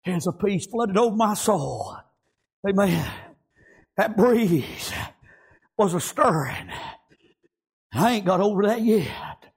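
A man preaching a fervent sermon, chanting "praise God" and "amen" between phrases and swinging into shouts with a rough preacher's cadence. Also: high-pitched, big pitch swings, slow pace, pauses often.

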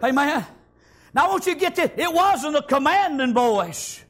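A man preaching a fervent revival sermon, often shouting and punctuating with "amen" and "praise God". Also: very high-pitched, lively intonation, normal speed.

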